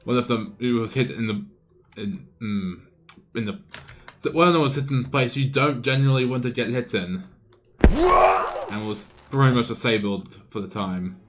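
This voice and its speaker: A man streaming live, spinning a playful, improvised story over a game battle at a mid pitch. He stumbles and restarts often, with faint music running behind him. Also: normal speed, long pauses.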